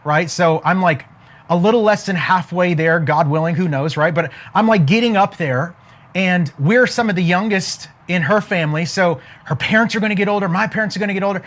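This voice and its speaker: A man around forty giving an energetic motivational talk, throwing rhetorical questions at his listeners. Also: sits high, brisk. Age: 40s. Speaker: motivational speaker.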